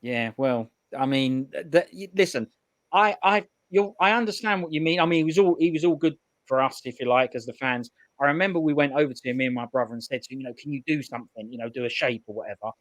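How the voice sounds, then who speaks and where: Upbeat podcast host, dry sound. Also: male voice, medium pitch, a bit bright, dry recording. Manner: encouraging, halting starts, laughs often. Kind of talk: casual interview chat.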